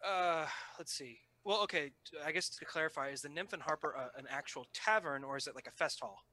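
Very bright-voiced man player. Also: on the high side, brisk, rough recording. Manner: relaxed, talkative, explaining his character. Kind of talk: casual tabletop game chat.

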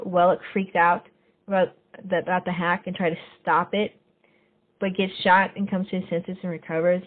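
A woman hosting a podcast, casually recapping a TV episode scene by scene and getting lively when she quotes the characters. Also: on the low side. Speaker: podcast host. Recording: phone-like narrow sound.

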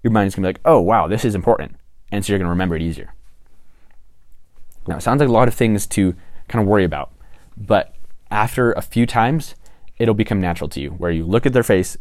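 A young man with a lowish voice talks through advice in a loose, rambling way. He corrects himself often and keeps checking in with the listener. The sound is dry and close. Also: fast talker, long pauses, a little mellow, no room sound. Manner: rambling, self-correcting, frequent "right?" and "okay?" asides. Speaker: tips video presenter. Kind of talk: casual explainer monologue.

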